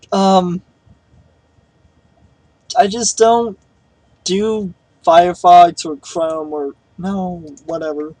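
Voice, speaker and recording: A man's voice: sits high, darkish tone, no room sound, low-quality recording. A young man telling a story in a casual vlog, rambling and hesitant with many fillers. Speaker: vlogger.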